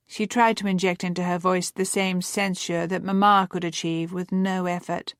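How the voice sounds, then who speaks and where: A woman narrating a romance novel as an audiobook, calm and measured. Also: mid-range voice, no room sound, studio quality. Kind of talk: scripted narration.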